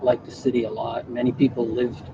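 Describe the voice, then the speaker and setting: A man from the Boston area, chatting casually while he drives and rambling with restarts and trailing pauses. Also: medium pitch, monotone, creaky. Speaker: vlogger. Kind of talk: casual live-stream chat while driving. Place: inside a car on city streets, window down. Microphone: camera in the car. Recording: dull, choppy audio over traffic noise. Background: wind and city traffic through the open window.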